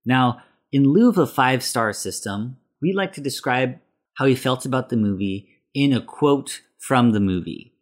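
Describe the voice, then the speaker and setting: A man's voice: medium pitch, lively intonation, normal speed. A man co-hosting a casual movie podcast, explaining things loosely with fillers. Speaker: podcast co-host.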